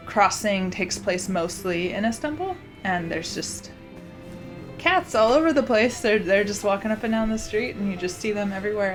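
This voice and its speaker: A woman vlogger chatting casually, rambling with many fillers and restarts. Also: mid-range voice. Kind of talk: casual chat.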